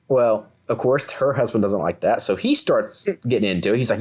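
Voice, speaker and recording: Lively young man telling a story. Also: mid-range voice, quick pace, few pauses, breathy edge. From Kentucky, USA. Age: 20s. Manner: animated, acts out quoted voices. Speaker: podcast co-host. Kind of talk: casual storytelling.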